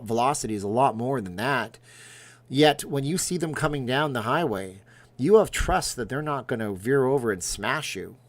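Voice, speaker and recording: A middle-aged man hosting a casual livestream, talking at an ordinary mid pitch. He rambles from one viewer comment to the next, tossing in jokes and asides as he goes. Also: no room sound. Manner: rambling, jokey, reacts aloud to viewer comments. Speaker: livestream host reading chat.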